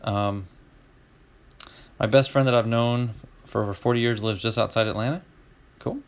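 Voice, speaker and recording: A middle-aged man hosting a casual stream, opening card packs and chatting with viewers, getting excited over each card. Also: on the low side, normal speed, clear, resonant tone. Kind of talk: casual live-stream chat.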